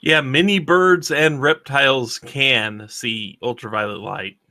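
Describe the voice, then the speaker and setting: A man's voice: medium pitch, steady tone, slow, sharp tone, no echo. A man playing in a tabletop game, explaining things in a matter-of-fact way. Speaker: player.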